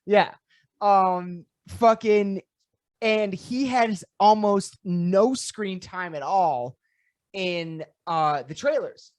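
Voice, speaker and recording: A woman's voice: medium pitch, drawn-out words. A woman co-hosting a podcast, talking in a rambling, casual way with fillers and swearing. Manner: rambling, restarts, laughs easily, swears. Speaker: podcast co-host. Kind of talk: casual chat.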